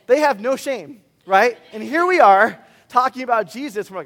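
A man preaching a sermon as a pastor, animated and swinging between loud emphatic bursts and quiet, earnest asides. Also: very high-pitched, moderate pace, in a large hall.

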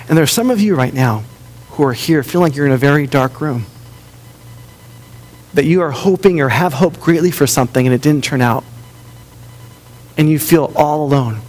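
A man preaching a sermon, telling a story and often dropping to a soft, gentle voice for quiet lines. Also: fairly high pitch, animated, moderate pace, pauses often. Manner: storytelling, drops softer for tender quoted lines. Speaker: pastor.

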